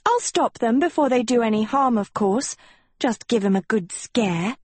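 A woman's voice: a little high, expressive, moderate pace, a little mellow, slightly rough, dry recording, voice pushed up. A woman voicing a teenage girl turned villain in an audiobook, silky, taunting and coldly sweet. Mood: sweetly cold. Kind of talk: audiobook character reading.

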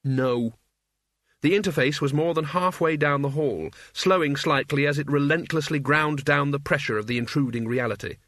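A man's voice: on the high side, a little fast, few pauses, a bit bright, no echo. A man narrating an audiobook in a dry, wry storytelling manner. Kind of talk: scripted narration.

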